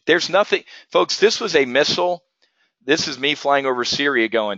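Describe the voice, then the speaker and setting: A man teaching options trading on a live webinar, energetic and profane, firing rhetorical questions at his viewers. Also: medium pitch, normal speed, no echo, dull audio.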